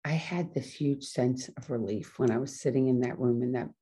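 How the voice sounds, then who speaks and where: A middle-aged woman talking fast and casually in a solo podcast monologue, often correcting herself as she goes. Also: rumbling low, dark tone. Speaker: podcast host.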